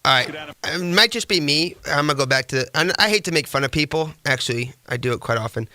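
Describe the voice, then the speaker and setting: A man's voice: on the high side, lively intonation, fast talker, bright, forceful tone, no room sound. A man hosting a sports podcast, giving casual, sarcastic commentary that rambles. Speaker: podcast host.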